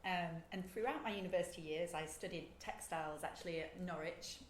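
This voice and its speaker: A woman's voice: on the low side, brisk. A woman with a Yorkshire accent, a guest in a casual interview, talking with many ums and hesitations. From West Yorkshire, England. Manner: relaxed, many ums, laughs easily. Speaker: guest, shop owner. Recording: roomy echo, faint noise.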